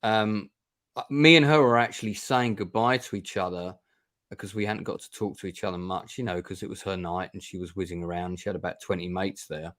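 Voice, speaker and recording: A man's voice: low voice, steady tone, fairly quick, a bit bright. A man hosting a casual film chat over a video call, talking in a chatty, wry way with dry sarcasm and many restarts. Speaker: host.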